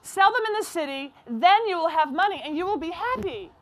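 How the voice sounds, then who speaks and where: A woman voicing a gentle, giving female apple tree in a storybook reading, speaking tenderly. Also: very high voice, expressive, fairly quick, voice pushed up. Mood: eager.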